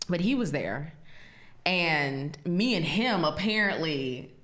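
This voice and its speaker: A woman hosting a podcast in casual chat, telling stories in an animated way and laughing often. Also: low-pitched, slow, reverberant. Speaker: podcast host.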